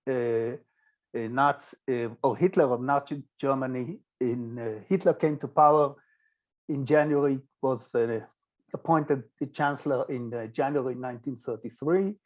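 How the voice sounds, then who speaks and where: An older man with an Israeli accent giving a physics lecture, pausing often with fillers and restarts. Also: medium pitch, darkish tone, highs cut off. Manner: hesitant, many filler sounds and restarts. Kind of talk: recorded lecture with slides.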